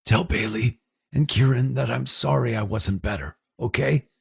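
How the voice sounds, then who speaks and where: A man's voice: mid-range voice, moderate pace, vocal fry, breathy edge, no echo, studio quality, voice pushed up, heavily acted. A man voicing a wounded, dying man who speaks faintly and tenderly through pain. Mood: tender, fading. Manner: faint, pained, fading speech.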